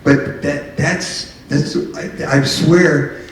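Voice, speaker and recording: A man's voice: fairly high pitch, fairly even intonation, drawn-out words, slight background noise. An older man from New York City speaks as a mayor addressing a local meeting. His delivery is earnest and emphatic, circling back to restart and repeat phrases. He is picked up from a distance in a very echoey hall. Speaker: town mayor. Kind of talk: public speech to a local group.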